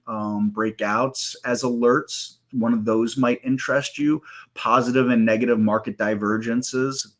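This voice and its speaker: A man hosting a live trading stream, walking through software in a loose, rambling way with many fillers and self-corrections, and hiccups now and then. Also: medium pitch. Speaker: live trading room host.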